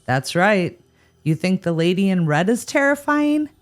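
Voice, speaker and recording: A woman's voice: on the low side, sing-song, measured pace. A woman co-hosting a paranormal podcast, reacting with wry, sarcastic humor. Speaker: podcast co-host. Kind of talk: scripted paranormal podcast chat.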